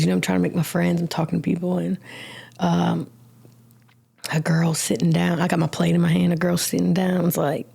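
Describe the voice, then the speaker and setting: A woman's voice: lowish voice, little pitch movement, moderate pace, creaky, warm tone. A woman sharing her life story as a guest on a podcast, telling it animatedly with casual slang and acted-out quotes. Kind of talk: personal testimony in a podcast interview.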